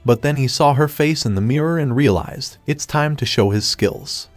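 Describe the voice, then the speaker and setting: A man narrating a scripted comic recap in a steady, even storytelling read. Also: medium pitch, normal speed, no echo, faint music behind.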